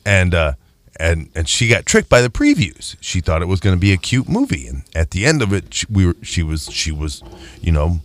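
A man co-hosting a casual chat, tossing out deadpan jokes. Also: low-pitched, moderate pace. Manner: joking, deadpan asides.

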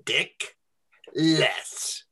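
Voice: drawn-out words, sharp tone. A storyteller voicing a small, lewd male goblin who hisses and taunts while reading a story aloud to friends. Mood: taunting. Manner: hissing, taunting.

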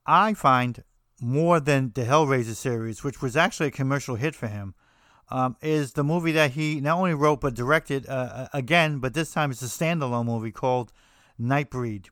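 A man's voice: medium pitch, normal speed, a bit bright, dry recording, studio quality. An American man hosting a podcast, talking casually in a rambling way with frequent restarts and fillers. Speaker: podcast host. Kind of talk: casual monologue on horror films.

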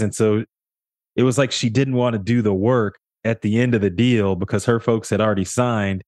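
A young adult man co-hosting a casual podcast, telling work stories with lively mimicry of the people involved. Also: lowish voice, a little fast, no room sound, clean studio sound. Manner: animated storyteller, often mimics others with a raised voice. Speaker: podcast co-host, real estate agent.

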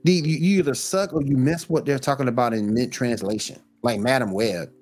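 A man hosting a podcast in casual chat, lively and joking, often repeating himself. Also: mid-range voice, a little fast, creaky, faint music behind. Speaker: podcast host.

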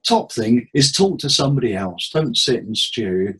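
A man, a therapist, giving tips in a relaxed interview with jokes and acted-out quotes. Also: mid-range voice, normal speed, slightly rough, rough recording. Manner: jokey, anecdotal, acts out quotes. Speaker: therapist and hypnotherapist guest.

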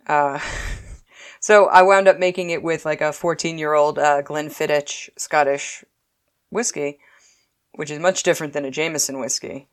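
A woman with a notably low, deep voice talks in a loose, chatty way. She tells lively stories about everyday things and often breaks into laughter. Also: normal speed, clean tone. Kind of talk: casual chat.

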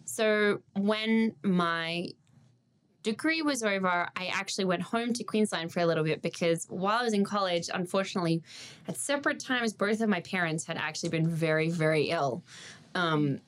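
A woman's voice: lowish voice, moderate pace. A young Australian woman whose accent drifts toward American, chatting as a guest and telling stories with frequent laughs. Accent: Australian, partly Americanized. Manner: chatty storyteller, laughs often. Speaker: guest, stage performer. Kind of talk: casual interview chat.

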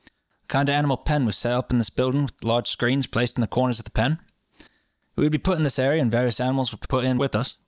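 A man's voice: medium pitch, fairly even intonation, fast talker, dry recording, close to an everyday voice. A man doing a British man telling of his childhood in a wobbly, half-held British accent, earnest and plain. The voice sits in a middle register and sounds close and dry, with no room around it. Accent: put-on British. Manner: earnest, unsure and wavering accent.

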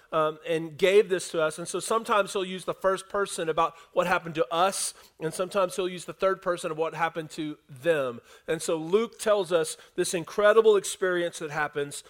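A high-pitched male pastor preaches at a moderate pace with hardly any pauses. Animated throughout, he recounts a passage of scripture to the congregation and plays out the quotes.

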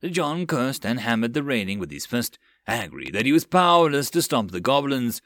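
A man's voice: mid-range voice, big pitch swings, normal speed, fairly bright tone, no room sound, studio quality. A man narrating an audiobook of a web novel with dramatic storytelling.

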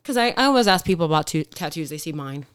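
A woman police officer telling stories in casual podcast chat, animated, acting out quotes and swearing freely. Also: low-pitched, fast talker, clear, resonant tone, no room sound, clean studio sound.

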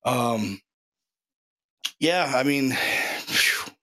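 A man's voice: mid-range voice, expressive, very slow, bright, forceful tone. A man hosting a podcast, telling stories in a laid-back, slangy way. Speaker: podcast host. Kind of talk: casual chat.

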